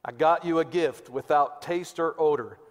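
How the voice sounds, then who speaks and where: A man voicing a folksy Texas redneck husband who recites a love poem in a slow, hammy drawl, recorded in a reverberant church sanctuary. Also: fairly high pitch, lightly acted.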